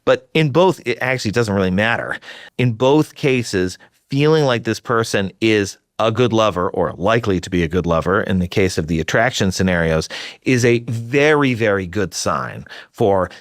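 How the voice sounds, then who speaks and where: A male professor with a fairly low voice answers interview questions about relationship science. He speaks in an animated way, heavy on "like" and self-corrections. The recording is dry and close. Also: normal speed, dry recording. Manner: animated, filler-heavy with many likes and restarts.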